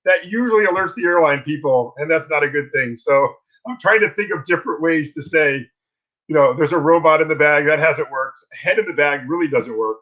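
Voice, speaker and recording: A man's voice: a little high, brisk, low-quality recording. Chatty man on a video call. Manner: animated storytelling with restarts. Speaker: guest, philosophy teacher. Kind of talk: casual interview talk.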